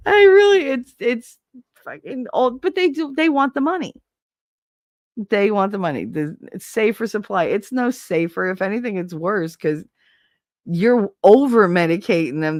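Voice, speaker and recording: A woman's voice: on the low side, dry recording, clean studio sound. A woman streamer in casual live-stream chat, rambling and candid, swearing freely and laughing often.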